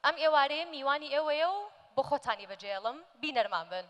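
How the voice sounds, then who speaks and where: Event presenter woman, very fast and high-pitched, formal announcing in a reverberant hall. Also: lively intonation, fairly bright tone, slight background noise. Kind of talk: scripted stage introduction.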